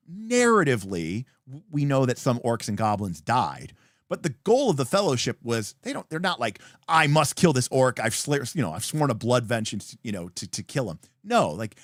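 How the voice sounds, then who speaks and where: A man hosting a livestream, explaining tabletop game rules with emphatic, animated delivery and frequent fillers. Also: mid-range voice, no room sound, studio quality. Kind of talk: livestream talk.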